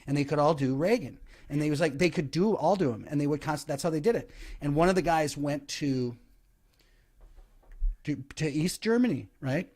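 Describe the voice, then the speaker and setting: A man, a comedian guest on a podcast, telling stories in an animated way, with frequent restarts. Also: a little high, normal speed. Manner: animated storytelling, many restarts. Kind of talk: casual podcast chat.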